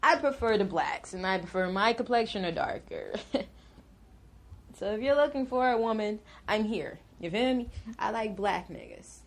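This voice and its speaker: A woman's voice: medium pitch, sing-song, moderate pace, gravelly. Drawling woman with a slight lisp. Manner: drags out her words. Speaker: interview guest. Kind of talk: casual candid chat.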